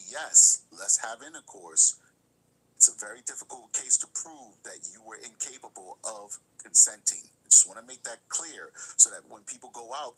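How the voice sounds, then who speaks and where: Stream host, male, crisp bright voice, repeats key points, faint hiss behind. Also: mid-range voice, poor audio. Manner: explanatory, repeats points for emphasis. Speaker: commentary host. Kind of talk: live-stream reaction commentary.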